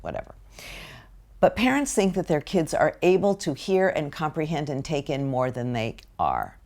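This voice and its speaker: Older american woman teaching parents, low voice with some gravel, slow and careful. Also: big pitch swings, a little mellow. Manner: slow deliberate delivery with acted-out parent quotes. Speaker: parenting educator. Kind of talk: spoken lecture to parents.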